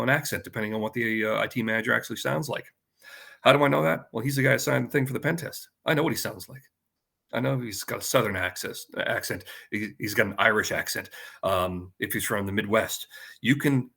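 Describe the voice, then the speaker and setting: A man presenting a conference talk in a casual, joking and energetic way. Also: lowish voice, gravelly, slightly rough.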